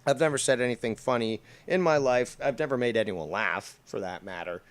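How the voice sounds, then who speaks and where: A man hosting a stream, talking over clips with biting sarcasm. He swears freely and mocks what he plays. His voice sits at an ordinary male pitch. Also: brisk, smooth. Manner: sarcastic, profane. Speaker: stream host. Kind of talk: mocking commentary on clips.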